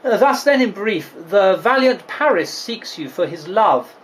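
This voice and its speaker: A man voicing a composed noble mother who speaks in a measured, formal way. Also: high voice, big pitch swings, slight background noise, poor audio.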